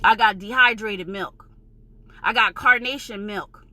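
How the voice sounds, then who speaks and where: A woman's voice: medium pitch, a little slow, bright, forceful tone. A woman from New York with a New York accent, ranting in a vlog, heated, emphatic and profane, insisting she is passionate, not angry. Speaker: vlogger.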